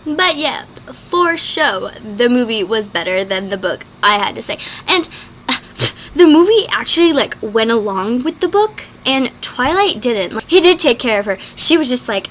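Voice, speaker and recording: A woman talks into her camera in a loose, gushing vlog style, her voice sitting a little high and sounding bright. She piles up "like" and jumps into acted quotes, with a faint hiss behind her. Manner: fast, gushing, full of "like"; excitable, acts out quoted lines. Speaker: vlogger. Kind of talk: casual vlog chat reviewing a movie.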